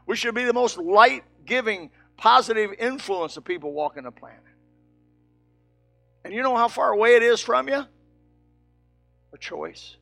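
Older male preacher, high and raspy, loud bursts dropping to near-murmurs. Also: animated, normal speed, long pauses, faint music behind. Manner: swings from shouting to soft and low. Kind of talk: sermon.

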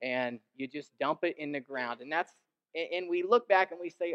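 Lively young male pastor preaching. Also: normal speed, clean tone, highs cut off. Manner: animated, mimics others in quoted asides, rises in pitch and volume when emphatic. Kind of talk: sermon.

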